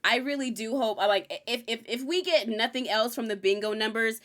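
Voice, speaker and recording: A young woman hosting a relaxed recap chat, her voice sitting a little high. She talks playfully and breaks into laughter often. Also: a little fast. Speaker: podcast host.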